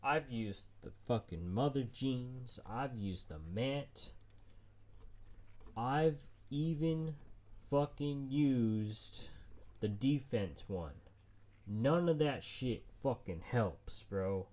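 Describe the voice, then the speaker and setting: A man's voice: mid-range voice, animated, slow, darkish tone. A man streaming a survival game solo, frustrated and swearing nonstop as he plays. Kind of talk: let's play commentary.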